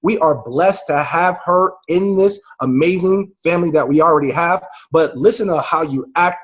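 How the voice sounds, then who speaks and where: A man's voice: fairly high pitch, moderate pace, highs cut off. A man hosting a team video call, giving hyped, slangy motivational talk. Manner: hyped, slangy, preachy encouragement.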